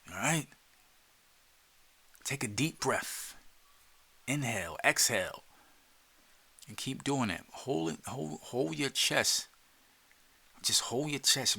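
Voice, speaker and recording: Man, Jersey accent, podcast host, bright forceful tone, casual guided talk, drops to whispers. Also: medium pitch, gravelly, slightly rough. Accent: New Jersey. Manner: loose and streetwise, repeats words, drops into whispers.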